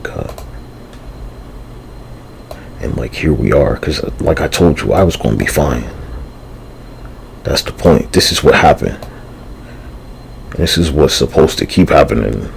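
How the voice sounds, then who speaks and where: Very deep, gravelly, slow-talking man. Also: lively intonation, background noise. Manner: meandering, profane, slangy, with frequent sighs and fillers. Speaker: livestreamer. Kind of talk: rambling livestream monologue.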